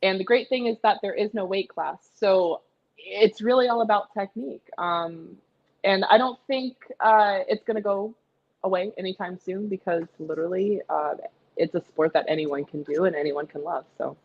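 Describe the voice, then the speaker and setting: A young adult woman speaks in a casual podcast chat, animated and lively as she acts out what others said. Her voice sits at a middle pitch. The audio is a little dull and lo-fi, as from a remote call. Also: normal speed. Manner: energetic, animated storytelling with acted-out quotes. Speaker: guest, pillow fighter.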